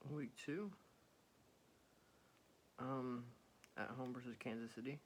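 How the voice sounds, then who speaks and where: A man hosting a soft-spoken ASMR video, rambling and correcting himself as he talks. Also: medium pitch, steady tone, slow, a little hiss or hum. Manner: rambling, self-correcting, chatty. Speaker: ASMR channel host.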